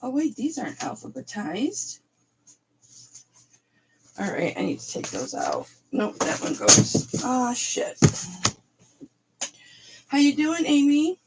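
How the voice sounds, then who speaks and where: A woman hosting a casual live selling stream, hoarse and raspy, chatty and a bit raunchy as she reads off names. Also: high-pitched, very animated, slow, long pauses, background noise. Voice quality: raspy throat. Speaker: live-sale host.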